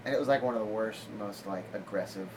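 A man's voice: fairly low pitch, fast. A male comedian telling a rambling, casual story, laughing often and filling his speech with "like.". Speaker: comedian guest. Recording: audible background noise.

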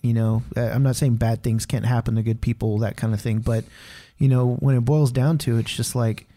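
A candid man talks through his thoughts on a podcast in a mellow, warm voice. He rambles and leans heavily on casual fillers. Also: mid-range voice, fairly even intonation, brisk. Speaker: podcast co-host. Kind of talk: casual faith conversation.

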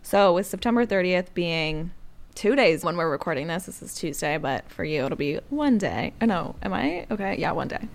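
A woman's voice: lowish voice, animated, moderate pace, vocal fry. A young woman co-hosting a news podcast, explaining the news plainly and adding dry remarks. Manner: reads facts plainly, then adds dry remarks. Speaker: podcast co-host.

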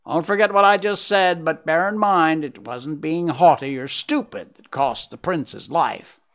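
A man voicing a bitter, loud female crow in a storybook reading, scolding the other animals. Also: a little high, unhurried, voice pushed up. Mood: grave.

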